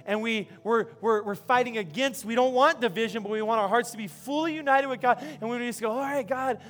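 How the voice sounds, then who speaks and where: A male pastor preaching in a church with a noticeably high voice. He tells a homey story in a casual, rambling way, doubling back and repeating words as he goes. Soft music plays faintly underneath. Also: fast. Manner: conversational, repeats words and restarts, chuckles. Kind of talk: sermon with storytelling.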